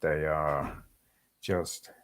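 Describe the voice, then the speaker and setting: A man's voice: extremely low pitch, flat delivery, drawn-out words. An English man hosting a casual live stream, chatting loosely and reading out viewer comments.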